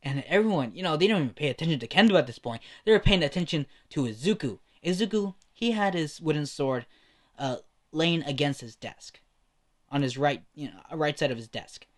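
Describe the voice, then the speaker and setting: Rambling man telling a fan story. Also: fairly high pitch. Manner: rambling, full of "you know" fillers and swearing. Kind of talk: casual fan story narration.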